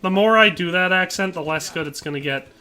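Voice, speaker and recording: A man's voice: high voice, brisk, pushed and bright. A man streaming a game, talking casually and ranting in exasperation while reading chat aloud. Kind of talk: casual gameplay commentary.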